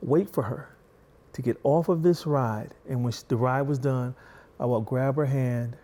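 A middle-aged man speaking in a mellow, relaxed tone as a guest. He tells personal stories at an even, middling pitch and brings them alive by acting out what people said. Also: moderate pace. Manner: animated, acts out quotes with a raised pitch. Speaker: guest, author. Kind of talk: storytelling in a conversation.

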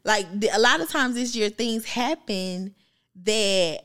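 A woman's voice: on the high side, unhurried, fairly bright tone, clear, resonant tone. A woman in her thirties co-hosting a casual podcast chat. She rambles, with plenty of filler words and restarts. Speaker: podcast co-host.

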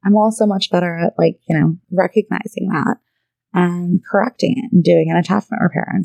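A woman in her thirties talks in a loose, conversational way, checking in with "right?" and "you know" as she goes. Her mid-range voice carries a heavy gravelly fry, and the recording is dry and close. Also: medium pitch, brisk, darkish tone, no echo, rough recording. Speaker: podcast host and therapist. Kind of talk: casual monologue.

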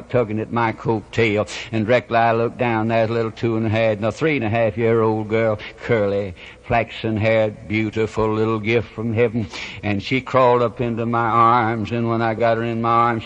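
Evangelist, mid-pitched, builds from hushed telling to hard shouting, dull old tape. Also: male voice. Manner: surges from quiet storytelling to loud impassioned warnings. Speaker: evangelist preacher. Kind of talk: fiery revival sermon. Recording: dull lo-fi old sermon recording.

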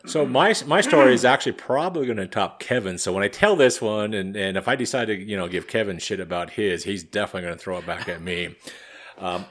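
A man's voice: lowish voice, fast talker. A man hosting a podcast, telling an anecdote in casual chat and swearing freely. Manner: animated storyteller, swears freely. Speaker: podcast host.

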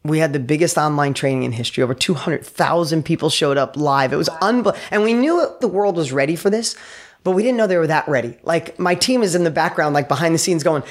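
A man speaking as an entrepreneur guest on a podcast, an energetic storyteller who acts out the quotes in his stories. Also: on the high side, quick pace. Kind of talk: enthusiastic podcast interview.

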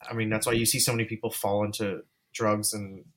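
A man's voice: on the low side, level tone, fairly quick. Candid, rambling male filmmaker. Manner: candid, rambling, with frequent restarts. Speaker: guest filmmaker. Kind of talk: casual interview chat.

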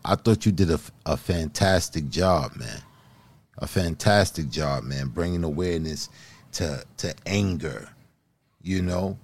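A man hosting a podcast, chatting casually and praising a poem, laid-back and drawn-out. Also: a bass voice, darkish tone. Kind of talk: casual chat.

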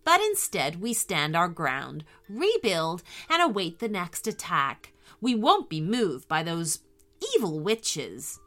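A woman reading a bedtime story aloud in a slow, expressive, gentle way. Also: on the low side.

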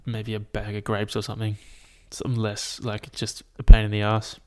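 A man's voice: fairly low pitch, monotone, moderate pace, warm tone. Sweary young man ranting. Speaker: vlogger. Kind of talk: casual chat. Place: at home, at a laptop.

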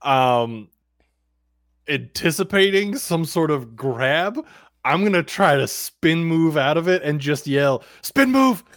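Male player, slow deliberate delivery, playful and fidgety, dry studio sound. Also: on the high side, a bit bright, no room sound. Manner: giggly, fidgety, joking. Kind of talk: casual tabletop play.

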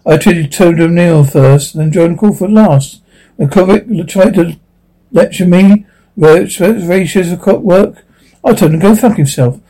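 A blunt, profane old-school projectionist. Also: male voice, on the high side, warm tone, low-quality recording. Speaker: actor in a horror series. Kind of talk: TV horror drama dialogue.

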